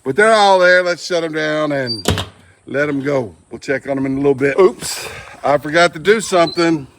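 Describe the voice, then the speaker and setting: A man's voice: a little high, moderate pace, a bit bright, a little hiss or hum. A man demonstrating barbecue at an outdoor grill, with folksy joking asides. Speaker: barbecue channel host. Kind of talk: casual cooking demonstration.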